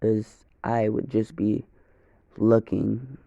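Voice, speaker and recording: A man's voice: lowish voice, level tone, takes it slowly, creaky, dark tone, dry recording, muffled recording. A young man narrating an improvised first-person fan story, rambling, correcting himself and swearing casually.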